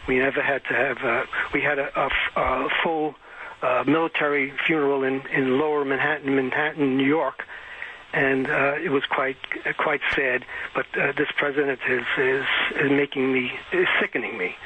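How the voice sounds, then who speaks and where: An older man calling in to a talk radio show, speaking haltingly with many pauses. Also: medium pitch, fairly even intonation, bright, forceful tone. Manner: halting, many fillers and restarts. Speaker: caller. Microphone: phone. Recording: dull lo-fi phone line with faint hiss.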